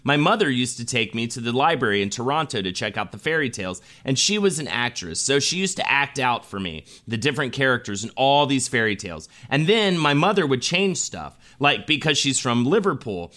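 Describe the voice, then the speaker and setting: A man's voice: medium pitch, very animated, a little fast, few pauses, bright, forceful tone. A man co-hosting a podcast, reading film history notes with enthusiastic, gushing asides. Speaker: podcast co-host.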